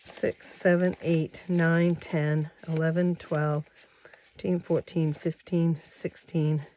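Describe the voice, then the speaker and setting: A woman in her sixties with a lowish voice chats at an unhurried, slow pace. She talks straight to her viewers as "you guys" and counts money out loud in a casual, homey way. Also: level tone. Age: 60s. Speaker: savings challenge vlogger.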